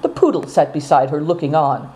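A woman narrating a storybook, reading expressively at an even pace. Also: low voice, a little fast, rough recording.

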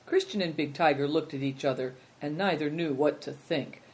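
A woman narrates a children's storybook aloud in a calm, measured way. Her voice sits a bit low for a woman, and she paces the sentences steadily.

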